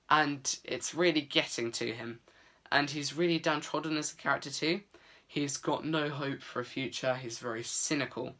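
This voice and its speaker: A man's voice: a little high, bright, forceful tone. A man giving a casual, earnest book review vlog, chatty with many fillers.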